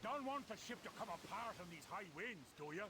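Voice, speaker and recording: An actor playing a bossy gnome pirate ship captain in a video game, talking in salty pirate lingo and barking orders. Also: male voice, sits high, animated, a little fast, noisy background. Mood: jovial. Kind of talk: video game character dialogue.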